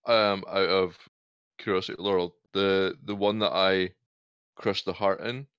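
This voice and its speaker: A man's voice: low voice, fairly even intonation, measured pace, fairly bright tone, smooth, no room sound, dull audio. An easygoing man chatting as a player in a tabletop game, laughing often. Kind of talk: casual tabletop game chat.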